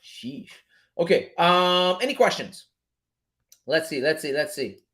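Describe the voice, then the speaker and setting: A man hosting a casual live stream on trading, laid-back and slangy, swearing often and filling pauses with "um". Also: on the high side, lively intonation, fairly bright tone. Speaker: forex trading streamer host.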